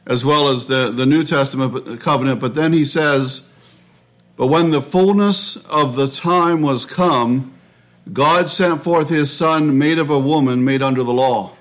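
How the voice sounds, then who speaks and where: A man preaching a sermon in a measured, reflective way, often restarting his phrases. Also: mid-range voice. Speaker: pastor.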